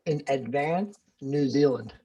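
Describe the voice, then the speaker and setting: A man's voice: medium pitch, slow pace, dark tone, breathy edge, lo-fi sound. A man in casual conversation, telling a story in an emphatic, informal way. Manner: emphatic, informal, with filler words. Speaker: guest in a group discussion.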